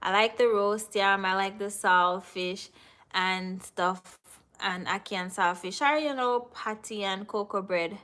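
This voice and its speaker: A woman's voice: medium pitch, unhurried, a bit bright. A Jamaican woman hosting a live stream, chatting casually and answering viewers in the chat. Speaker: livestream host.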